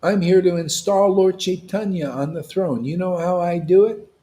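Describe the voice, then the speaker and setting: A man preaching to a devotional gathering, emphatic and confrontational, with casual slang, swinging between loud declarations and hushed asides. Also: high-pitched, moderate pace. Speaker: spiritual teacher at a devotee gathering. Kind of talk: impassioned devotional sermon.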